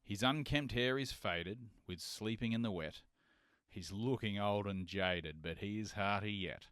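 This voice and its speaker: A man's voice: lowish voice, a bit bright, smooth, no echo. Brief: male reciter, rhythmic verse, resonant, dry recording. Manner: measured, rhythmic reading. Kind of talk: poetry recitation.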